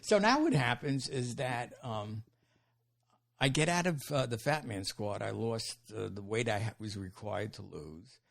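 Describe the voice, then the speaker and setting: A man's voice: on the low side, a little slow, vocal fry. An older man, a comedian telling profane stories in a casual interview and acting out the people in them. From New York. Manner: animated storyteller who acts out quotes and swears freely.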